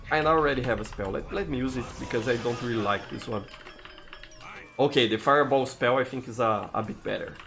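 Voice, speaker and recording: A man's voice: medium pitch, a bit bright, slight background noise. Brazilian man streaming a game. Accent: Brazilian Portuguese. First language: Portuguese. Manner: chatty, talks to viewers while playing, frequent "you know" and restarts. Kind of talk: live gameplay commentary.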